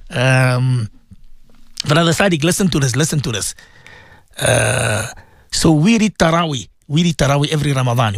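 A man's voice: a little high, no room sound, studio quality. A man telling a story on a religious radio talk show, repeating himself and mixing in Arabic and Urdu phrases. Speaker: radio guest speaker.

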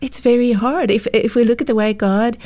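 A woman's voice: on the high side, fairly quick, a little mellow. A woman speaking as a guest expert in a faith-based parenting discussion, explaining with vivid examples and laughing easily.

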